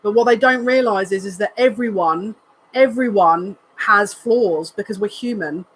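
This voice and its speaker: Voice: medium pitch, normal speed, a little hiss or hum, poor audio. Earnest emotional tarot reader. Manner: earnest, repeats phrases, thinks aloud; emotional, says they are near tears. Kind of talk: live tarot card reading.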